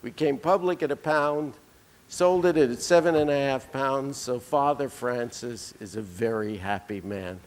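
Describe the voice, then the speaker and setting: In a conference hall, a man gives a keynote, telling anecdotes with dry humor. His medium-pitched voice moves a little slowly, and the recording has the reverberation of a lecture hall.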